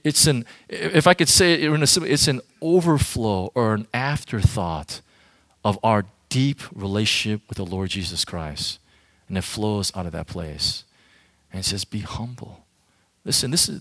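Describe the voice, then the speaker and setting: A man's voice: lowish voice, fairly bright tone, no room sound. A man giving an informal sermon to a youth group as their pastor, talking directly and emphatically to the audience.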